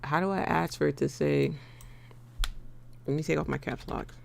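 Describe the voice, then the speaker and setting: A woman's voice: low voice, moderate pace, creaky, slight background noise. An American woman hosting a live trading stream, chatting playfully with her viewers and laughing often. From United States. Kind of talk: casual live-stream chat.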